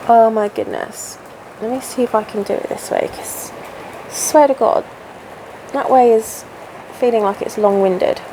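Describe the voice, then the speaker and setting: A woman's voice: fairly high pitch, a little slow, long pauses, noisy background. Chatty woman in her thirties. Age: 30s. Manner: chatty, rambling, self-interrupting. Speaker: crafting channel host. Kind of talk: casual stitch-along chat. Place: home, indoors.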